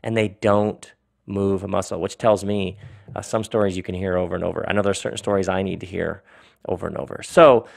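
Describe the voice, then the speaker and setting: Brief: male podcast host, jokey and lively, reading a nonsense tale. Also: low voice, brisk, creaky. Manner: animated, joking, laughs often. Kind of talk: playful monologue and reading aloud.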